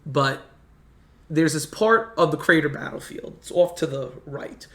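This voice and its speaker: A man in casual conversation telling history stories in a halting way, full of restarts. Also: fairly high pitch, a bit bright. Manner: rambling, halting history storyteller with many restarts. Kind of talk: casual storytelling chat. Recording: echoey room.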